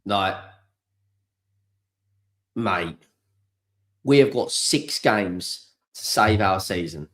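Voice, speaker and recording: A man's voice: fairly low pitch, lively intonation, extremely slow, long pauses, a bit bright. A man hosting a live football watchalong stream, ranting in exasperation and swearing freely.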